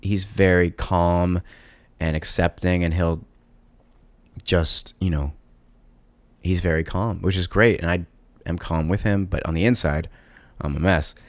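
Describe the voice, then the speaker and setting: Low-voiced father talking haltingly. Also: steady tone, dry recording. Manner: halting, emotional, frequent fillers and restarts. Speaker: parent of a young child. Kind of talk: personal monologue.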